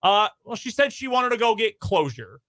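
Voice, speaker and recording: A man's voice: high-pitched, very animated, moderate pace, fairly bright tone. A male sports radio host reading out a news story in a radio studio, with wry asides.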